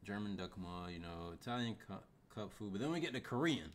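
A man's voice: fairly low pitch, animated, fast. A young man co-hosting a podcast in loose, laid-back chat, laughing often and swearing freely. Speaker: podcast co-host. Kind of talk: casual chat.

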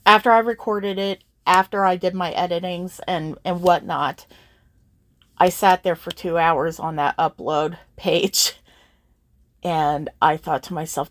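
A woman's voice: on the low side, a little slow, a bit bright, no echo. A young adult woman hosting her channel, talking to her viewers in a heartfelt, earnest way, emotional and holding back tears. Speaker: channel host. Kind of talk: heartfelt personal talk to viewers.

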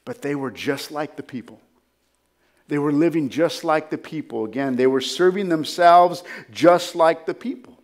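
A man's voice: on the high side, moderate pace. A man, a pastor, preaching a sermon with emphasis, often checking in with the congregation with "right?" and "amen?".

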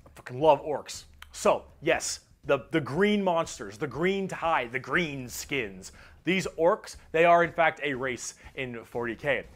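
A young man explaining game factions in an excitable, rambling, profane casual style. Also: on the high side, unhurried.

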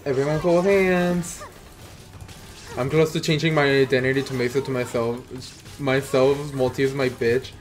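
A man's voice: mid-range voice, steady tone, soft background music. Playful Mexican-accented man live-streaming a game. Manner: playful, teasing banter with viewers, quick laughs, swearing. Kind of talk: casual gaming live-stream chat.

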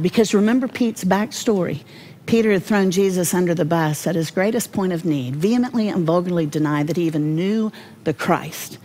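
A woman giving a devotional Bible teaching, folksy and humorous, with animated storytelling. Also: fairly low pitch.

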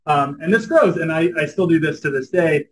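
A young man giving a storytelling talk, animated and filling his speech with "like" and "um". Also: a little high, normal speed, slight background noise, poor audio. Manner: animated, says "like" and "um" a lot. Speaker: guest speaker at a club meeting.

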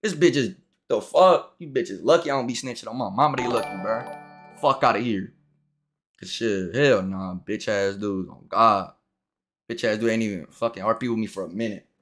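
A young man streaming a game, ranting in a profane, casual way that swings from loud outbursts to low muttering. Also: moderate pace, soft background music. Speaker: livestreamer. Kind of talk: casual gameplay commentary.

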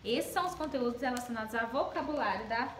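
A woman teacher with a Brazilian Portuguese accent, explaining a lesson slowly and switching between Portuguese and English. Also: on the high side, lively intonation. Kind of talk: bilingual classroom lesson. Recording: echoey room with clear background noise.

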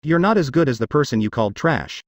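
A defiant young man, cold and cruel, his lines carried by a lively, moving pitch as a male narrator voices him. The reading stays even and unacted, with a dry, close sound. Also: fast talker, no room sound, close to an everyday voice. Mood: contemptuous.

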